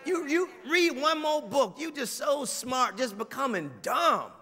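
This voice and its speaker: A male pastor preaching a sermon in a church, animated, dropping to quiet asides and rising to shouted mimicry. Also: very high voice, measured pace, in a large hall, some chatter behind. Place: church sanctuary.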